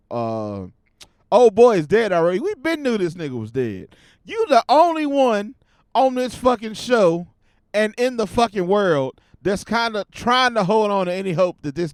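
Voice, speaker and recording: A man hosting his own podcast, giving casual commentary in a profane, animated rant. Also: high-pitched, clear, resonant tone, dry recording, studio quality. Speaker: podcast host.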